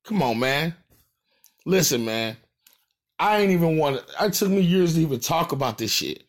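Talking to his fans at a moderate pace, this St. Louis rapper has a somewhat high, expressive voice and a local St. Louis accent. He brags loudly and curses freely, hammering his points home.

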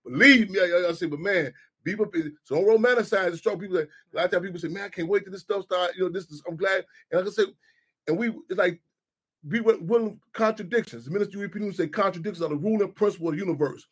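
Middle-aged man, radio host, husky voice, rapid rambling delivery, circles back on himself. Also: high voice, a bit bright. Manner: rambling, repeats himself, says "you know what I'm saying". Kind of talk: casual talk radio discussion.

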